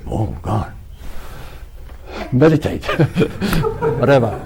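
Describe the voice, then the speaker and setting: A man's voice: mid-range voice, big pitch swings, a little slow, darkish tone. A man giving a casual spiritual talk, rambling with frequent restarts and laughter. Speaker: spiritual teacher.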